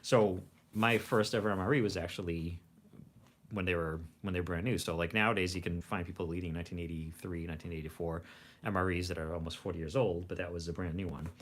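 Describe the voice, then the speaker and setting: A man's voice: low voice, fairly even intonation, fast talker. A man hosting a casual livestream from home, rambling along with frequent restarts. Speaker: host of a food review channel.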